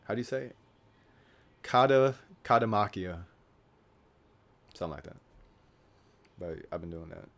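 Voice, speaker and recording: A man's voice: fairly low pitch, expressive, unhurried, long pauses, a bit bright. A young man in his late teens vlogging casually, rambling and joking at his own expense. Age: young adult. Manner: rambling, self-deprecating, joking. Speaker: YouTuber.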